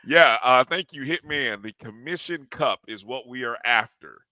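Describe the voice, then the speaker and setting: A man's voice: medium pitch, normal speed, pushed and bright, dry recording. A man co-hosting a live sports talk show, animatedly greeting chat viewers one by one by name.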